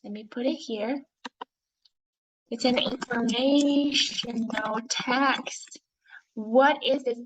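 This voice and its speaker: A woman teaching an online English class, with a Chinese accent. She speaks slowly and clearly and keeps asking her pupils questions. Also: fairly high pitch, fairly even intonation. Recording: dull lo-fi audio.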